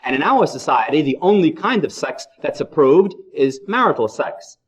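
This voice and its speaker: Joking lecturer man, higher pitch. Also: very animated, moderate pace, husky. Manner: jokey storyteller, folksy timing, repeats phrases for effect. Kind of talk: humorous lecture to a live audience. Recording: vintage 1960 lecture recording.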